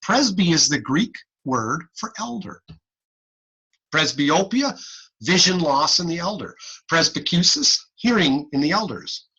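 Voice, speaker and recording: Animated middle-aged man lecturing slowly. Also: fairly high pitch, husky, lo-fi sound. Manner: animated, playful teaching with repeated "guess what" and sound demonstrations. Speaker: hearing-instrument instructor. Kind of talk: online lecture. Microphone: video call.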